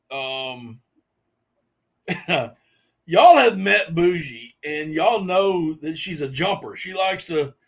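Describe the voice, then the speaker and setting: A man hosting a casual live stream, laughing helplessly between drawn-out exclamations as he chats with viewers. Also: on the high side, vocal fry. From Southern US. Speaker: host.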